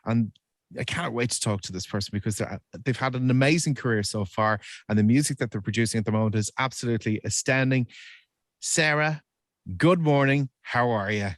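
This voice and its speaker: A man's voice: medium pitch, a little fast, no echo. Irish male morning host, upbeat patter, close dry studio sound. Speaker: radio host. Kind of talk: morning radio chat.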